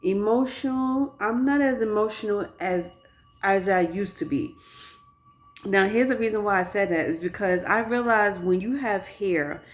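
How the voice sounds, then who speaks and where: A woman in her thirties talking casually and candidly to her viewers in a personal vlog, recorded on a phone. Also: mid-range voice. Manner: chatty, candid storytelling to viewers. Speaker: vlogger.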